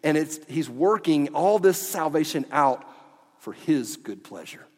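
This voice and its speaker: A man preaching a sermon as pastor of a church, animated and at times dropping to quiet emphasis. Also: a little high, a little slow. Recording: long church hall reverb.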